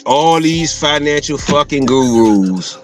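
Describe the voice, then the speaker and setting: A man speaking delivers casual live-stream commentary at an unhurried pace, his voice fairly high and swinging widely up and down. He breaks into laughter often, hums slowly between thoughts and leans on repetition for emphasis. Faint music plays under his voice. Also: animated. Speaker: streamer reacting to a video.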